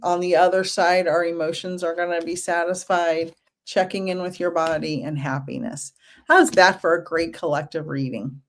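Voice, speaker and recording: A woman in her fifties, a spiritual medium hosting a casual livestream, who talks in a gentle, reassuring way with chatty asides. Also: fairly low pitch, fairly even intonation, moderate pace.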